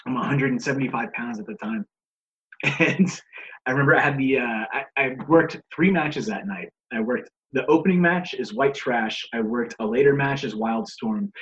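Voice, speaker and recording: Guest man, casual storyteller, curses freely, laughs a lot, acts out quotes; muffled lo-fi recording, average pitch. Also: normal speed, fairly bright tone. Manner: profane, laughing, acts out others' lines. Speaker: guest, pro wrestler.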